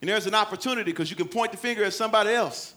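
A man delivers a racing sermon, swinging between loud, dramatic calls and quiet, low readings of scripture.

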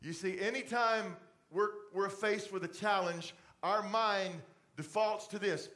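A middle-aged pastor delivers a sermon from a church stage. His voice sits fairly high for a man. He talks conversationally and slips into a soft, fatherly tone when he speaks to the congregation directly. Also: fairly even intonation, measured pace, hardly any pauses. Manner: conversational preaching, drops to a soft fatherly voice for asides.

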